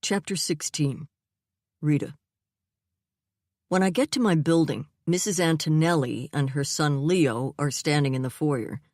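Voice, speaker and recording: A woman's voice: deep voice, unhurried, darkish tone, no echo, clean studio sound. Wry woman narrating a mystery. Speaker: audiobook narrator. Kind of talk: first-person mystery audiobook narration.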